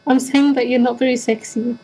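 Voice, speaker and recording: Young woman, teasing friend in casual chat; mellow, slightly husky, low hum behind. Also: level tone, brisk, rough recording. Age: young adult. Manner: teasing, chatty, filler-heavy. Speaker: university student.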